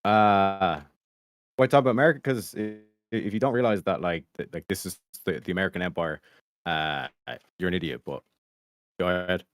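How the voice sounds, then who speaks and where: A man's voice: sits low, moderate pace. A man with an Irish accent on a streamed panel, arguing in a rambling way with plenty of fillers. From Ireland. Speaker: panel guest. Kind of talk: casual debate.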